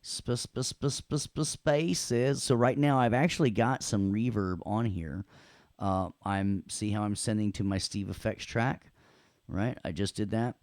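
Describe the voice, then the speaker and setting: A man teaches audio production, joking as he walks students through a software demo. His voice sits low. The recording is dry and close. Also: steady tone, a little slow, dry recording. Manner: playful, joking, repeats "check it out". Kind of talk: live software demo lecture.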